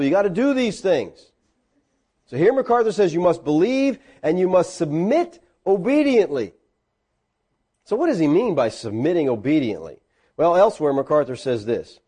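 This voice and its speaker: A man preaching a conversational sermon, teaching a class and putting questions to them. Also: breathy edge. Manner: animated, swings between high and low pitch. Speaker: pastor.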